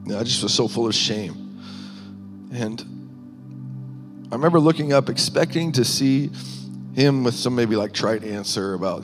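A man sharing a personal testimony in a sermon, earnest and halting, with small laughs between thoughts. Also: medium pitch. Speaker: minister. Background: music.

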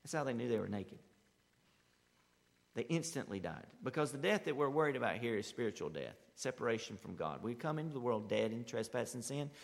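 A male pastor preaching a sermon, emphatic and animated, swinging from loud rising bursts to quiet asides. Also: mid-range voice, brisk, creaky. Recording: long hall reverb.

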